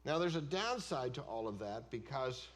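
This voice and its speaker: A man preaching a sermon as pastor of a church, emphatic, swinging between loud declarations and hushed asides. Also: mid-range voice, very animated, moderate pace. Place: church sanctuary.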